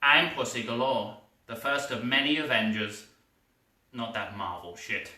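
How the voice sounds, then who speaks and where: A man voicing a tough, scornful female pilot with a low, dry delivery. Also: unhurried, sharp tone, slight background noise. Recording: echoey room, far-off mic.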